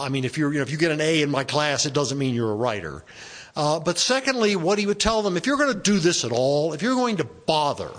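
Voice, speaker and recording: A man's voice: on the high side, fairly bright tone. A man speaking on a microphone to a live bookstore audience as a touring author, rambling with many fillers and restarts. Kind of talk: casual talk at a book event. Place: bookstore event room.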